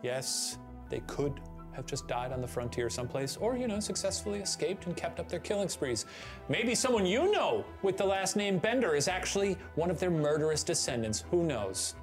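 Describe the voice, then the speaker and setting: Playful, animated man telling a story. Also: a little high, moderate pace, faint music behind. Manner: animated and playful, with sudden exclamations. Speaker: co-host presenting a theory. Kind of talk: storytelling narration to a co-host.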